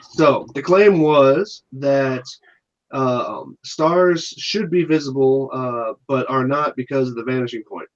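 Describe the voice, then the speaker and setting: A man's voice: medium pitch, slow, highs cut off. A man hosting a casual online debunking game, teasing and refereeing his friends. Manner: teasing, laughing, bossy referee. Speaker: host running a debunking game. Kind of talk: casual profane group chat.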